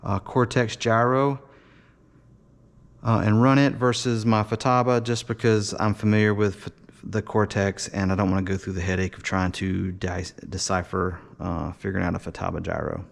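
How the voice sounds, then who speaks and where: His gravelly voice is on the low side, with little pitch movement and a moderate pace. He casually shows and explains a model build in a workshop, talking loosely with many fillers and restarts.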